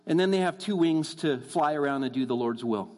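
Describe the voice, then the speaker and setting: A man delivers an earnest sermon in a church, his voice set a little high and ringing through a long hall reverb. He speaks to the congregation as folks and slows down to drive his points home. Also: expressive, a little mellow. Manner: earnest, addresses the crowd as folks, slows down for emphasis. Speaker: guest preacher. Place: church sanctuary.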